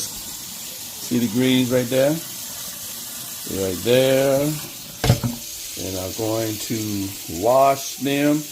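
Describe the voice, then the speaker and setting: A man's voice: mid-range voice, slight background noise. A man in his home kitchen, talking casually to a camera on a tripod as he shows his cooking steps, rambling and checking in with viewers. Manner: rambling, talks straight to viewers, lots of okays. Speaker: home cook filming a cooking video.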